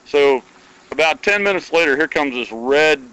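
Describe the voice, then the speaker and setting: A man's voice: fairly high pitch, normal speed, clean tone, highs cut off. A man from Iowa telling a long, folksy anecdote in casual conversation, acting out the dialogue as he goes. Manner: folksy, animated storytelling with quoted dialogue. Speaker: guest storyteller.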